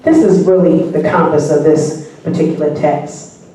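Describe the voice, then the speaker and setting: A woman's voice: sits low, fairly even intonation, moderate pace, mellow. A woman pastor preaching a sermon, drawing the congregation in with questions and answers and building fervor. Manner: preaching with call and response, rising fervor. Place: church sanctuary. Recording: echoey church hall from far off.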